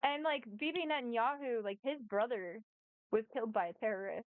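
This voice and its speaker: A woman's voice: on the high side, brisk, no room sound. A woman streamer chatting casually and sarcastically, swearing freely while reacting. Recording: dry, phone-like tinny sound.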